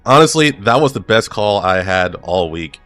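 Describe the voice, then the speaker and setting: A man's voice: on the low side, expressive, moderate pace, a bit bright, soft background music. A gaming streamer casually telling a work anecdote, laid-back and chuckling as he goes.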